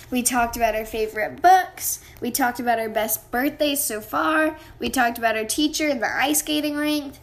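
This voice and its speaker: Children's reader: woman, high voice, bright and animated. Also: normal speed, hardly any pauses. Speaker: storybook reader. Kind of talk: children's read-aloud.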